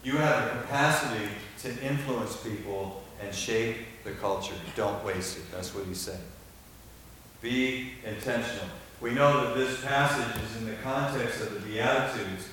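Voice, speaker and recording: An older man preaching a sermon as pastor, emphatic, moving between quiet, low stretches and loud stressed lines. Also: measured pace. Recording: echoey hall from far off, faint hiss.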